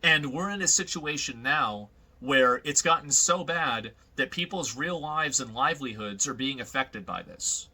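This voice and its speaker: A man's voice: mid-range voice, lively intonation, unhurried, few pauses, sharp tone, low-quality recording. A man in a played clip, giving prepared commentary in an emphatic, declarative manner.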